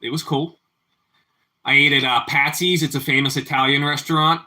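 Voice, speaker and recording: Relaxed male stream host, bright clear tone, cooking at home, easy chatty talk. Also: on the high side, moderate pace. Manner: relaxed, answers viewer chat, often repeats his phrases. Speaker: livestream host. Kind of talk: casual chat while cooking. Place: home kitchen.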